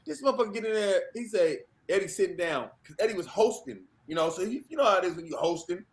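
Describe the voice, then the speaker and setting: A man guest on a podcast, telling a lively, profane story and acting out other people's lines. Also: high-pitched, quick pace. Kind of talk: animated anecdote on a podcast.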